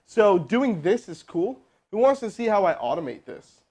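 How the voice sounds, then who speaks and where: Energetic man running a sales lesson. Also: high-pitched, moderate pace, slightly rough. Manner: energetic, joking, talks to chat. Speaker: sales trainer. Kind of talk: live teaching session with role-played calls.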